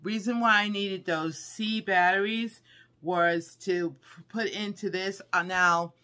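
A middle-aged woman, chatting excitedly through a shopping haul video and squealing with delight. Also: mid-range voice, slow pace. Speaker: haul vlogger. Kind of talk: casual haul video chat.

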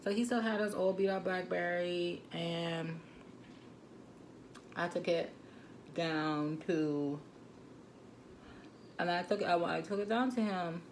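A woman in her twenties with a Turks and Caicos Islands accent telling a storytime vlog, animated and indignant, with frequent asides, on a phone camera mic. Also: fairly low pitch, slow, pauses often, slight background noise. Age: 20s. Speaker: vlogger.

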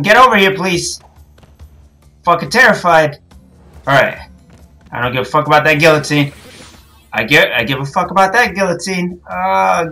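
A young woman playing a video game and commenting, cursing and yelling at the screen in frustration. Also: on the low side. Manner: frustrated, swears a lot, yells at the game. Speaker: gaming channel host. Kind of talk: let's play commentary.

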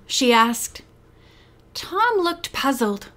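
A woman narrating an audiobook with an expressive reading, doing many voices. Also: fairly high pitch, measured pace, faint music behind. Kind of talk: scripted narration.

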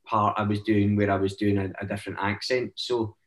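A Scottish man talks as a guest, rambling through stories and leaning on "eh" fillers. His voice sits low, and the room around him adds a noticeable echo. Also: little pitch movement, a little fast. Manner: rambling storytelling, many "eh" fillers. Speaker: actor guest. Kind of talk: casual chat.

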